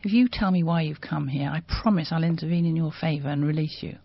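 A woman playing a young gunman who toys with his captive in a cold, taunting drawl. The voice sits a touch low and husky, with slow, threatening phrasing. The sound is dry and muffled. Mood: menacing. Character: menacing young male militiaman with a gun.

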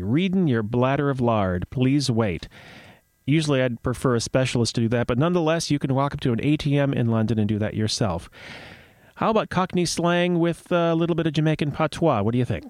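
A man's voice: on the high side, quick pace, no echo. Male host, casual commentary, wry jokey asides, dry close mic.

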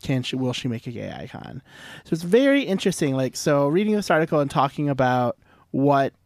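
A man's voice: mid-range voice, very animated, brisk, vocal fry, darkish tone, no echo, clean studio sound. A man co-hosting a casual talk radio show, passing along community news in a chatty way. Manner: chatty, relaying news with fillers. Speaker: radio co-host. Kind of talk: casual chat.

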